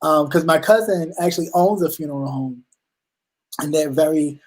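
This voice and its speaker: A man co-hosting a casual chat, telling animated stories and acting out his family's voices, swearing freely. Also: fairly high pitch, normal speed, low-quality recording. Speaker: co-host.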